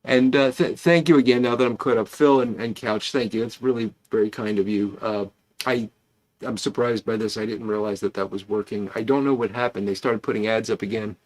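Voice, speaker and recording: A man's voice: fairly low pitch, fairly even intonation, a little fast. A man hosting a casual pipe-smoking livestream, rambling and chatty as he greets viewers by name.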